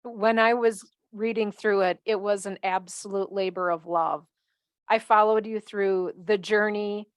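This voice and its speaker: Smooth-voiced woman podcast host. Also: mid-range voice, fairly even intonation, unhurried, no room sound. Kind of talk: interview chat.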